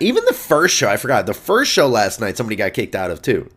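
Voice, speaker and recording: A man's voice: lowish voice, wildly swooping pitch, fast talker, fairly bright tone, breathy edge. A young man hosting a podcast, riffing in a brash, profane and rambling way with mock boasts. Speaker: comedian and podcast host. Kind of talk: casual comedic monologue.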